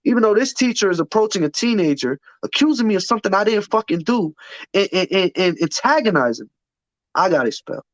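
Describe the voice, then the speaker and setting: High-pitched and quick, with big swings in pitch, this interview guest tells his life story without holding back. He curses emphatically and repeats words as he restarts. The recording is dull and lo-fi, dry with no echo.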